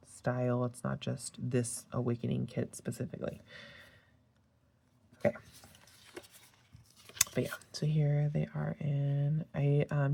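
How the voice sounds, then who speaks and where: Tired, chatty woman with a gravelly, low voice. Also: warm tone. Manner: chatty, rambling with tangents and fillers. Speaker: planner sticker vlogger. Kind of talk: casual chat.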